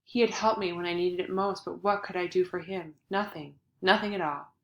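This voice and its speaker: Earnest woman narrating, lowish, echoey. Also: steady tone, fairly quick, lo-fi sound. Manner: earnest, dramatic, swings from hushed to loud. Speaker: audiobook narrator. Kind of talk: first-person audiobook narration. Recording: echoey room.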